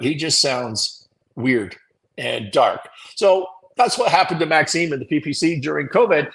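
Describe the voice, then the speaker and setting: A man's voice: a little high, poor audio. A man hosting a live morning show, giving blunt, opinionated commentary with swearing and self-mocking laughs. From Canada.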